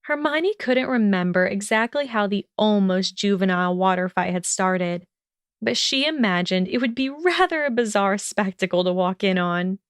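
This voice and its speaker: A woman narrating a fan-fiction audiobook for her podcast with steady storytelling delivery. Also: mid-range voice, normal speed, clean tone, dry recording, clean studio sound.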